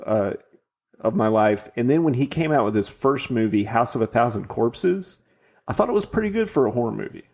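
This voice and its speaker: A man's voice: mid-range voice, lively intonation, brisk, creaky, a little mellow. A man in his forties co-hosting a podcast, chatting in a laid-back, rambling way. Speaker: podcast co-host. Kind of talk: casual chat.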